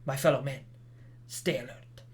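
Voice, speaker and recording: A gamer voicing a villainous village chief with an attempted Spanish accent, reading out orders in a hammy, low, muttering manner. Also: steady tone, moderate pace, slight background noise, close to an everyday voice. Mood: menacing.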